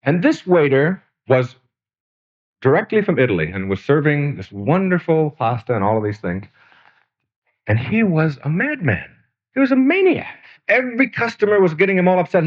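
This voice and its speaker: A man's voice: high voice, moderate pace, highs cut off. A man giving a motivational lecture, telling stories and asking rhetorical questions. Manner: animated storytelling with rhetorical questions. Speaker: motivational speaker.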